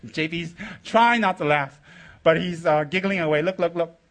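A man's voice: fairly high pitch, normal speed, fairly bright tone. A middle-aged man giving an informal Dharma talk as a Buddhist teacher, teasing and jokey in blunt short phrases.

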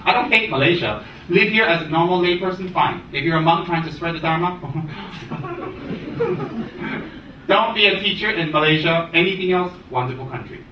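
A man giving a dharma talk as a Buddhist teacher, animated and teasing, rattling off long lists. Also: high voice, normal speed, slight background noise. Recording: echoey room, distant dull mic.

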